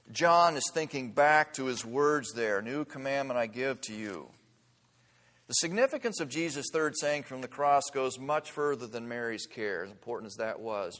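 A man's voice: mid-range voice, a bit bright. A man preaching a sermon as pastor, earnest and building to fervent emphasis at points. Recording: long hall reverb.

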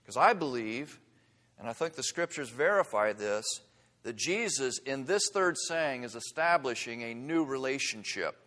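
A man's voice: mid-range voice, expressive, moderate pace, sharp tone. A man preaching a sermon as pastor, earnest and building to fervent emphasis at points. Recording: long hall reverb.

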